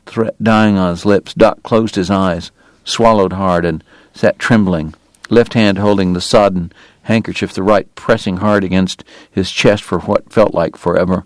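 A man narrating a novel in a measured, steady storytelling voice. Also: low voice, no room sound. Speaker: audiobook narrator. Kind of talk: scripted narration.

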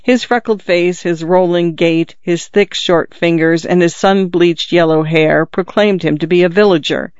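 A narrator reading a classic story in a measured, descriptive way. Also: medium pitch, fairly even intonation, smooth, dry recording, highs cut off. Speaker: audiobook narrator.

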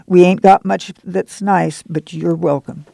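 A man's voice: sits high, fairly even intonation, measured pace, vocal fry, warm tone, dry recording, heavily acted. A man reading the part of a weary, guarded migrant farm mother in a folksy rural drawl. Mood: warming, humble.

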